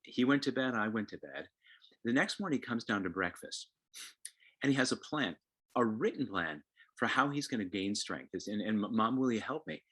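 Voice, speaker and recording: Animated, husky-voiced male presenter. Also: mid-range voice. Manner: animated, acts out quotes, repeats words. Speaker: co-presenter on parenting. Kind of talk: lively parenting talk.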